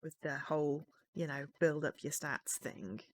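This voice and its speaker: A woman's voice: low-pitched, measured pace, dry recording. Chatty woman streamer with giggly asides. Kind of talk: casual game commentary.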